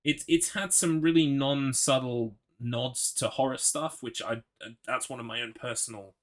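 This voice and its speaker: A man's voice: mid-range voice, steady tone, moderate pace. A man streaming a horror game, chatting with his audience in a rambling, swear-prone way. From United Kingdom. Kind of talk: gaming livestream commentary.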